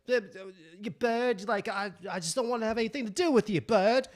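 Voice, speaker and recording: A man's voice: high voice, fairly quick, pitched above the performer's own voice, close to an everyday voice. A man voicing a brash young Australian man at a bar, in a mock Australian accent, clipped and dismissive. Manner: clipped, dismissive, drops "oi" and "mate".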